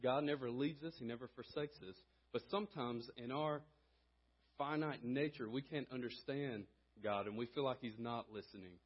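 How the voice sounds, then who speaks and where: Man, preacher, sermon, earnest, husky voice, mid pitch. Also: moderate pace, highs cut off. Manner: earnest, rising in volume when reading and exhorting. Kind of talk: sermon with scripture reading and prayer. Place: church sanctuary.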